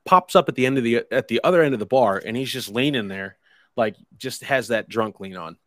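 Man, mid-pitched, telling a crude, rambling anecdote with a wry edge; close, dry sound. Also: a little fast, fairly bright tone, no echo. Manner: profane, rambling, wry storytelling with quoted dialogue. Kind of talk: casual anecdote storytelling.

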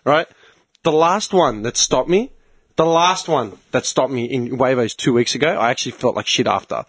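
A young man, a podcast host telling animated stories in casual chat, swearing often and acting out other people's lines. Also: mid-range voice, moderate pace, breathy edge. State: tired from early work.

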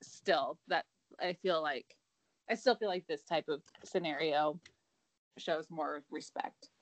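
A woman's voice: deep voice, slow pace, no room sound. A young woman co-hosting a podcast, giving candid opinions in casual chat and swearing freely. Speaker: podcast co-host.

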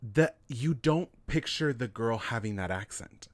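A man co-hosting a podcast in casual chat, excitable and gushing, swearing often. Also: medium pitch, a little slow, dry recording, clean studio sound. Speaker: podcast co-host.

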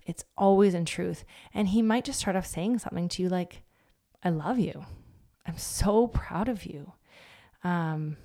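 A woman in her thirties shares a devotional talk in a relaxed, chatty way. Her voice sits low and has a gravelly fry to it. Now and then she acts out little quotes. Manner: warm conversational, with fillers and acted-out quotes. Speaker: Christian speaker.

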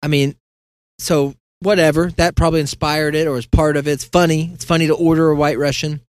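A man's voice: a little high, flat delivery, a little fast, dry recording. A man hosting a podcast, telling a long meandering story in a casual, self-deprecating way and acting out the conversations he recounts. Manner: meandering, self-deprecating, acts out quoted dialogue. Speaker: podcast host. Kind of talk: casual rambling monologue.

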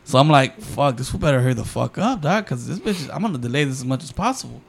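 Gravelly slangy young podcast guy. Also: mid-range voice, big pitch swings, fast talker. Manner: slangy, swears a lot, acts out the voices in his stories. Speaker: podcast host. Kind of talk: casual storytelling.

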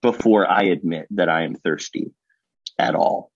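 A man puts on a self-righteous, scornful objector who takes every offer as an insult. The voice is a bit low and husky. The lo-fi podcast sound dulls it slightly. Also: a little slow, no room sound. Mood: indignant. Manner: scornful, affronted. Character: indignant self-righteous listeners rejecting Jesus, male.

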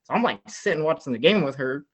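A young man tells a story at a quick clip in a slightly raised voice. He is animated and rambling and strings "like" through almost every sentence. It sounds like a casual guest spot on a talk show. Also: a little high. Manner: animated, rambling, heavy use of "like".

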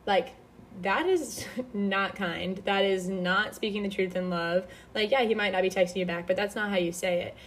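A woman's voice: mid-range voice, steady tone, normal speed, slight background noise. A young woman hosting a podcast, giving casual faith-based advice in a chatty way full of fillers and restarts. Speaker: podcast host.

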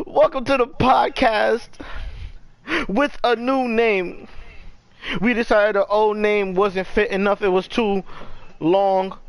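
High, smooth-voiced New podcast host. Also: male voice, measured pace. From New York. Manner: excitable, slangy, lots of filler phrases. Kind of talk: casual podcast chat.

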